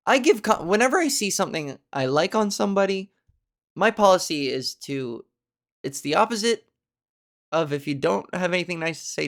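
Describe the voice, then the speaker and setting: Woman, podcast host, comedian, casual storytelling, gravelly, lowish voice, animated pitch jumps.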